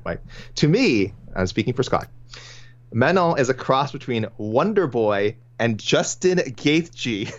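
A man co-hosting a casual sports podcast, reading listener picks aloud with frequent chuckles and restarts. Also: medium pitch. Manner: chatty, chuckling, many restarts. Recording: dull lo-fi audio.

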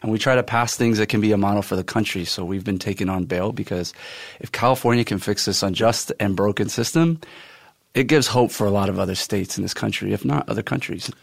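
A man being interviewed as a guest, explaining his advocacy work in an earnest, measured way. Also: lowish voice, vocal fry, no room sound. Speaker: guest, political director of an advocacy group. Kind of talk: interview answers.

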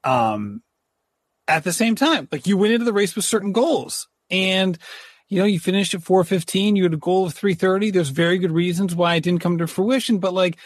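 Male host, thoughtful, slightly high voice, dry sound. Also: no room sound. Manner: thoughtful, slow, searching for words. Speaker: podcast host. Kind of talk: casual interview talk.

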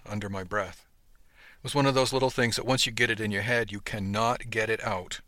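A man narrates a novel in the first person with steady storytelling. His voice sits a little low but sounds bright and forceful. The recording is dry and close-miked. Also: brisk, no room sound. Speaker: audiobook narrator.

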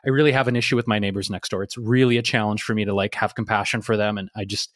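A man's voice: lowish voice, steady tone, racing, a bit bright, no room sound. Guy co-hosting a podcast, candid and rambly, cusses a lot, dry close mic. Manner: rambling, confessional, swears freely. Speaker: podcast co-host. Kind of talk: candid conversational chat.

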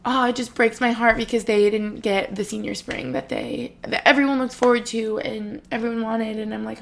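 A woman's voice: on the high side, steady tone, normal speed, gravelly. A woman in her twenties talking casually and emotionally to her vlog viewers, filling her talk with "like". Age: 20s. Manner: chatty and emotional, lots of "like". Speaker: vlogger.

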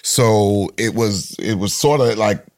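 A man's voice: on the low side, takes it slowly, dry recording, clean studio sound. A middle-aged man, a veteran rapper as guest, talking in an emphatic storytelling way with many restarts. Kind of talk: casual conversation.

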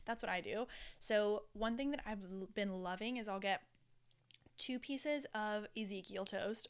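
A woman's voice: medium pitch, moderate pace, clean tone. A woman hosting her podcast in a chatty, rambling, candid way, with casual swearing. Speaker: podcast host. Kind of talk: casual solo podcast chat.

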